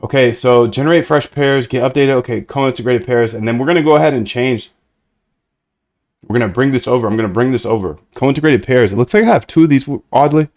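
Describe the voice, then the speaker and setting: A man's voice: medium pitch, quick pace. Laid-back slangy young man streaming. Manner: laid-back slangy banter with chat, shifts between flat monotone and lively bursts. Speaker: trading bot streamer. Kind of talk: casual live-stream coding chat.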